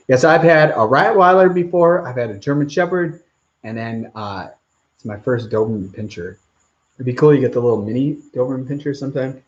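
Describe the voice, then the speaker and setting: A man's voice: medium pitch, a little fast, darkish tone, muffled recording. A man hosting a live stream Q&A outdoors, rambling casually as he reads out viewer comments. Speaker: channel host.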